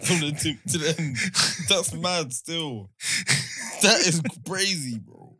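Bright-voiced young man. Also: a little high, lively intonation, takes it slowly, breathy edge. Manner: slangy, teasing. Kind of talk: casual banter.

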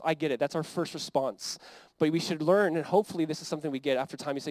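A man's voice: on the high side, fast talker, darkish tone, no echo, poor audio. A man with an American accent preaching a sermon as pastor, talking in a conversational, earnest way and acting out the quotes he reads.

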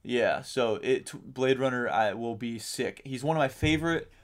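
A man's voice: mid-range voice, moderate pace. Man musing in a rambling podcast chat. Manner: rambling, swears casually, many ums. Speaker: podcast co-host. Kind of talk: casual chat.

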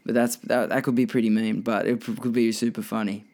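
Gravelly low-voiced guy rambling. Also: level tone, brisk, darkish tone. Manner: rambling, sweary, lots of restarts. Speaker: podcast host. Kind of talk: casual solo podcast chat.

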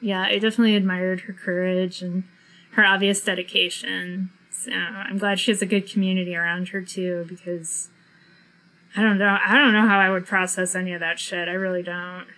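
A woman's voice: lowish voice, little pitch movement, moderate pace, pushed and bright, rough recording. A woman from New England co-hosting a podcast, chatting casually and laughing often. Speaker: podcast co-host. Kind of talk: casual chat.

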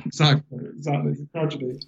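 Guest author, English man with a London accent, somewhat higher voice, lively storyteller, muffled remote-call sound. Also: fast, vocal fry. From England. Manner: animated, chatty storyteller, laughs often. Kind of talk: casual interview chat.

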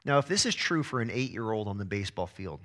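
A man in his thirties preaching a sermon as pastor, energetic, often repeating words as he starts a phrase. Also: lowish voice, quick pace.

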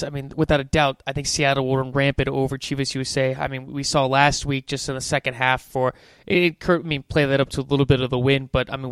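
A man's voice: medium pitch, smooth, dry recording, studio quality. A man co-hosting a soccer podcast, chatting loosely about matches with plenty of fillers. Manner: relaxed, loose chat with fillers. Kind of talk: casual sports chat.

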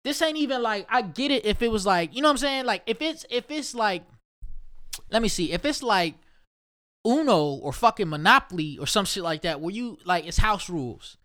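A man's voice: high-pitched, lively intonation, normal speed, pushed and bright. A man from Ohio ranting in a casual, profane monologue, emphatic and repetitive. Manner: profane, emphatic, repeats himself. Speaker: solo commentator.

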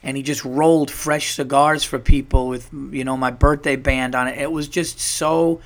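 Man telling a rambling, excited story. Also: mid-range voice, moderate pace. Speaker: podcast host. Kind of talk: casual storytelling monologue.

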